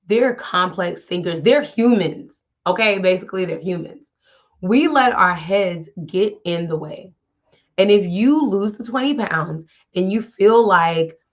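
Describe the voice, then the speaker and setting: A medium-pitched woman with a fairly bright tone hosts a wellness show, recorded with highs cut off. She's blunt and chatty, giving casual motivational talk directly to the listener.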